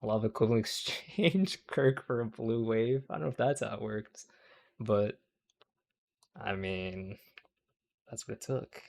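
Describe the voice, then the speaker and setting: A man's voice: on the low side, a little slow, gravelly, long pauses, darkish tone. A young man hosting a livestream, reacting to clips in casual, profane commentary. He rambles, keeps tagging lines with "okay?", and laughs at his own jokes.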